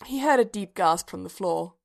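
A woman reading a story aloud in an even, measured audiobook narration. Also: on the low side, vocal fry.

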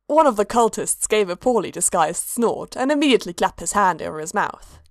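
A woman's voice: medium pitch, very animated, brisk, few pauses, no echo. Woman narrating a story, dry close sound.

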